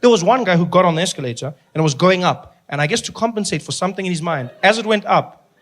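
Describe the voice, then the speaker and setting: A man with a South African accent doing animated stand-up storytelling, acting out the people in it. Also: high voice, fast. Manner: animated, playful, acts out characters. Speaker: stand-up comedian.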